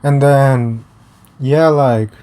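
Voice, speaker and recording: A man's voice: medium pitch, fairly even intonation, extremely slow, dark tone, smooth. A young man telling a story in a casual, rambling way, with swearing and many fillers and restarts. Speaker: vlogger. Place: outdoors.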